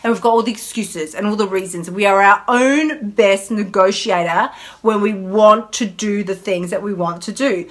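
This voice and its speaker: This stream host speaks at a moderate pace in a medium-pitched, slightly bright voice. She's chatty and candid, emphatically describing her own eating habits and acting out her inner dialogue on a casual live stream.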